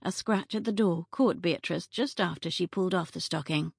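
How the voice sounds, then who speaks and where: A female audiobook narrator with a lowish voice, reading in a measured, even way. The sound is bone dry and close, with no room around it. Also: vocal fry, slightly rough, dry recording. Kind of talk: scripted narration. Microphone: studio mic, close.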